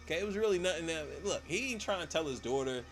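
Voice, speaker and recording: A man retelling a horror movie as a comedic recap on a live stream, talking in slang and putting on quick voices for the characters. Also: sits high, a bit bright, faint music behind.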